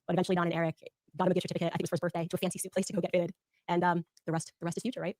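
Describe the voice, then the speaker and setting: A woman rattles off anecdotes at breakneck speed in a low-set voice. She is animated and often slips into imitations when quoting people. The sound is dry and close to the mic. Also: dry recording. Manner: rapid, animated, mimics others in quotes. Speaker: speaker telling personal stories. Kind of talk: recorded personal storytelling.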